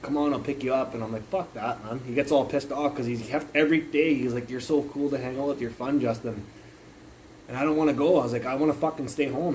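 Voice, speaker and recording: A man's voice: medium pitch, a little mellow, a little hiss or hum, low-quality recording. A young man livestreaming from his phone, telling a long rambling story full of curses, fillers and restarts. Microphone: phone mic.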